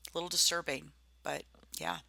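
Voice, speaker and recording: A woman's voice: fairly low pitch, fairly even intonation, a little fast, creaky, bright, forceful tone, no echo. A middle-aged woman giving a rambling personal slideshow presentation, full of ums and self-corrections.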